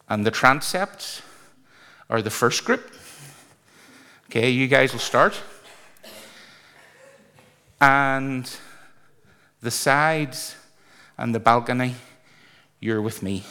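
A man's voice: medium pitch, sharp tone. A man preaching and leading his congregation in a large church, speaking in an earnest, conversational way with sudden exclamations. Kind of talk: sermon with congregational singing. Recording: echoey church hall.

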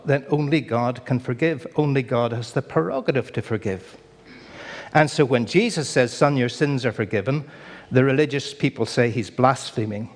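A man preaching a sermon, telling the story with dramatic pauses and wry humour. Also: medium pitch. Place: church. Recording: long church reverb.

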